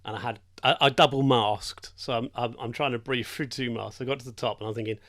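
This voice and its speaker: Chatty radio presenter, older. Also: male voice, mid-range voice, fairly even intonation, fairly quick, fairly bright tone. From England. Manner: chatty storyteller who laughs often. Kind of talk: casual chat. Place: radio studio.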